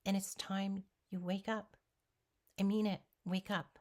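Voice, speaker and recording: A woman's voice: mid-range voice, level tone, unhurried, darkish tone. A woman vlogger giving an earnest, emphatic motivational talk straight to the viewer. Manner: speaks directly to the viewer. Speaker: weight-loss vlogger.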